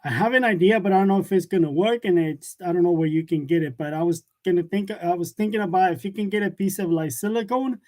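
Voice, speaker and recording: A high-voiced man with a darkish tone races through a casual workshop live chat for his print shop channel, barely pausing as he reads comments aloud, jokes and laughs often. Audio comes from a wireless lavalier.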